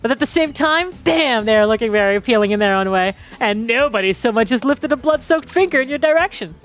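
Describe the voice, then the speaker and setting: Woman streamer reading out a dating game, jokey and giggly, kinda high voice. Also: expressive, quick pace, faint music behind. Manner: playful, laughs often, breaks off to joke. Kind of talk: reading game text aloud with casual commentary.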